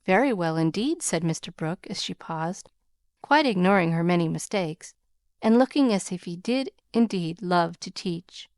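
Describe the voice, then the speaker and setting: A woman narrating a classic novel as an audiobook in a measured, even reading. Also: lowish voice, dry recording, studio quality.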